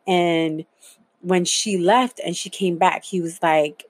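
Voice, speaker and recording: Candid, low-voiced woman telling her story. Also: fairly even intonation, slow. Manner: candid, swears freely, many fillers. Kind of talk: casual personal storytelling.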